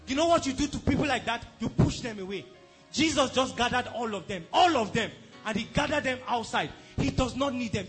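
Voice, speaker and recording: A male pastor preaching a sermon, emphatic, who keeps asking the congregation whether they are following. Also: extremely high pitch.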